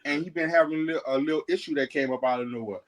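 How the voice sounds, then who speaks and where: A man's voice: on the high side, rapid-fire. A man calling in as a podcast guest, rambling and explaining, often checking that he is understood. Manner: rambling, keeps repeating "you feel me". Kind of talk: casual podcast debate.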